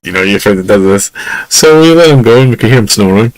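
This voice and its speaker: A man's voice: fairly low pitch, animated, fast talker, dry recording, poor audio. A Scottish man hosting a podcast, telling stories in a rambling, chuckling way with lots of fillers, at home on a lesser mic. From Scotland. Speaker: podcast host. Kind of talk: casual storytelling. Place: home room.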